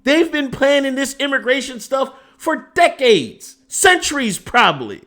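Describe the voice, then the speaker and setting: A man's voice: very high voice, big pitch swings, unhurried, bright, forceful tone. A man hosting a casual political commentary stream, rambling off on tangents and restarting his sentences, emphatic and exasperated. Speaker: host.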